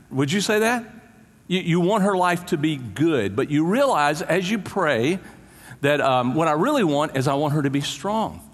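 A man's voice: fairly high pitch, long reverb tail. A middle-aged man preaching a sermon as a pastor, telling a story with humor and putting questions to the congregation. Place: church.

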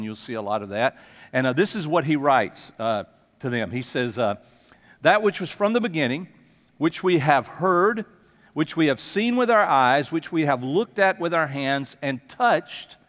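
Male pastor, conversational sermon in a church, voice trailing long hall echo, mid-range pitch. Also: a bit bright. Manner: conversational, asks the congregation questions. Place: church sanctuary.

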